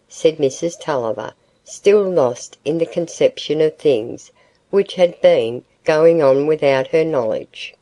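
A woman with a low, warm and mellow voice reads a classic novel aloud. Her narration is measured and even, calm storytelling from start to finish. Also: no echo, low-quality recording. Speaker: audiobook narrator. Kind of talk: scripted narration.

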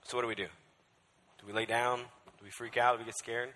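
A man's voice: medium pitch, flat delivery, brisk, bright, forceful tone. A male pastor preaching a sermon with emphasis, often checking in with the crowd by asking "right?". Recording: echoey hall.

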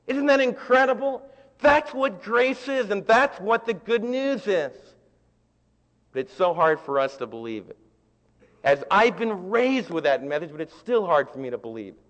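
A man preaches with fervor, his voice pitched unusually high. He swings from loud exclamations down to hushed, intimate tones. The sound rings with a long reverb, as in a large hall. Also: very animated, normal speed, highs cut off. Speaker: pastor. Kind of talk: sermon.

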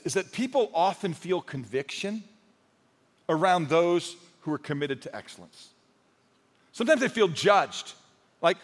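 A man with a fairly high voice preaches in a large church, his words ringing through a long hall reverb. He talks to the crowd like a friend, telling stories with humor, then pushes his points home with rising force. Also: fairly bright tone. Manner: conversational, storytelling with humor, rises to emphatic. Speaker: pastor. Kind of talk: sermon.

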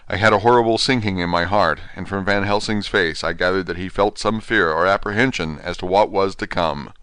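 A man narrating an audiobook in a steady, measured reading. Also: sits low, clear, resonant tone, no room sound. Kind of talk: scripted narration.

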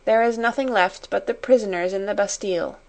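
Woman voicing a sad, quiet young girl. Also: fairly quick, lightly acted. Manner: low, grave, faint.

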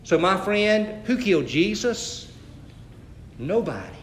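A man's voice: sits high, sing-song, slow pace, echoey room, slight background noise. A man preaching a sermon, telling stories and rising to emphatic scripture reading. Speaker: pastor.

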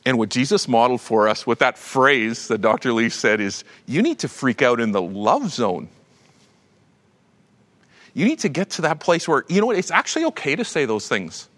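A man's voice: mid-range voice, sing-song, normal speed, a bit bright. A middle-aged man preaching a sermon in a conversational, self-deprecating way, with restarts and little laughs. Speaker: pastor.

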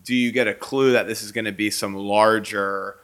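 Male co-host, low-set voice with a bright edge, dry and joking. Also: steady tone, moderate pace. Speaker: podcast co-host. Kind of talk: casual chat.

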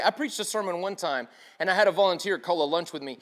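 A man's voice: high-pitched, normal speed. A man preaching a sermon in a casual, slangy way, acting out the people he quotes. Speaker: pastor.

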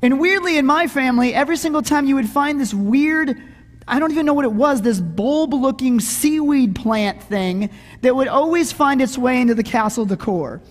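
A man's voice: extremely high pitch, moderate pace. A middle-aged man preaching a sermon, telling a funny story in a conversational way and often asking "right?". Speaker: pastor. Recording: echoey hall.

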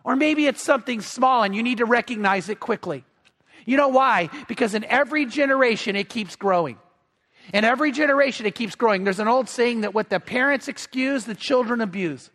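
A man's voice: extremely high pitch, fairly quick, a bit bright. A man preaching a sermon, telling a story in a conversational way with repeated words and fillers. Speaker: pastor. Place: church. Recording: long church hall reverb.

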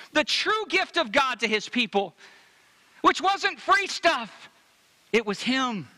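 Pastor guy preaching, high voice, very bright and sharp, goes quiet then loud for emphasis. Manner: preaching with wide swings between hushed low passages and raised emphatic ones; reads scripture aloud and comments on it directly to the congregation. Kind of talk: sermon.

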